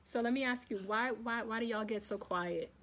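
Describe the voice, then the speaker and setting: A woman runs a casual wellness live chat, addressing her viewers directly as y'all, checking they're still with her, and repeating points to encourage them. Her voice is on the high side and a bit bright, at a moderate pace.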